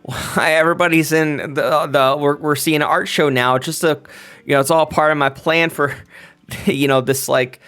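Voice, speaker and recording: A man's voice: on the high side, steady tone, a little slow, a bit bright, pitched above the performer's own voice. A man voicing a nervous, scheming male vampire who rambles through excuses with giggles.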